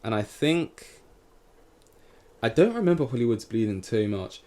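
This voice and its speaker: A man's voice: medium pitch, sing-song, unhurried, mellow. A man hosting a solo podcast in casual chat, rambling and correcting himself as he goes, swearing casually. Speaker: podcast host. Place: in front of a camera.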